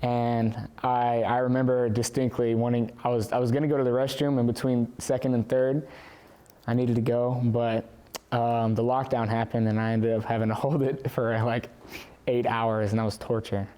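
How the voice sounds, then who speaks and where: A teenage boy answering interview questions for his school yearbook, relaxed and hesitant, with many fillers and restarts. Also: medium pitch, normal speed, clear, resonant tone. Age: teens. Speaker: student interviewee.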